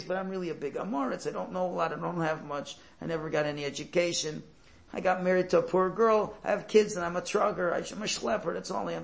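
A poor, self-effacing porter pours out his simple life with plaintive sincerity, as a man telling a folk tale puts him on. The voice sits a little high, with a gravelly grain. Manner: earnest, humble, plaintive.

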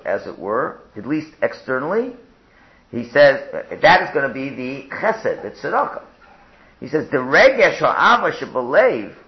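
A man's voice: on the high side, slight background noise. A man teaching a text study class, reading Hebrew phrases and translating them line by line, with frequent repetition and Hebrew and Yiddish words. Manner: uses Hebrew and Yiddish terms. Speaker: Torah teacher. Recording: echoey room, dull lo-fi sound.

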